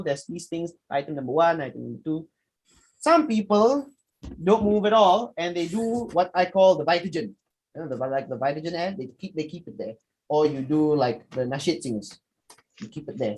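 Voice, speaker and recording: A young man leads a public speaking workshop. He moves through his slides in a lively way, stopping to ask his listeners questions. He slips into short acted examples to make each point. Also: a little high, breathy edge, poor audio. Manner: lively, acts out quick examples, asks the audience questions. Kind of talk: lecture presentation with slides.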